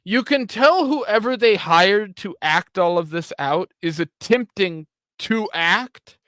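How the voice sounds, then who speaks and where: Blunt, high-voiced man giving casual commentary. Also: expressive, takes it slowly, a bit bright, no echo. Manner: blunt, critical, profane. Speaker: reaction show host.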